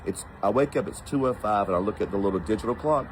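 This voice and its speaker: A man from the United States tells a personal story in a relaxed, animated way. He slips into the voices of the people he quotes. His voice sits on the low side. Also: quick pace, slight background noise, rough recording.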